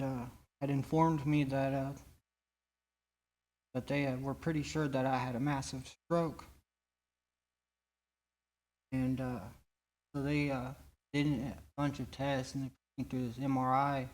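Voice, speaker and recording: At a church meeting, a man with a medium-pitched voice shares his personal recovery testimony. He speaks earnestly but haltingly, often starting his sentences over.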